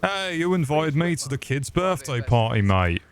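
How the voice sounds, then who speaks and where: A man's voice: on the high side, very animated, normal speed, a crowd in the background. A man giving crude, rambling comedic commentary while playing a video game. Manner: crude joking banter, rambling. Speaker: gaming commentator. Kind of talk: comedic let's-play commentary.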